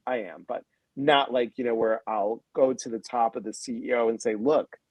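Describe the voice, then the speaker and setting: Hosting a casual wellness livestream, a man addresses his viewers directly, greeting them by name in an effusive, heartfelt way as he retells conversations with quoted voices. His everyday middle-pitched voice keeps a steady tone and moderate pace. The low-quality recording sounds close and dry, with no room sound at all.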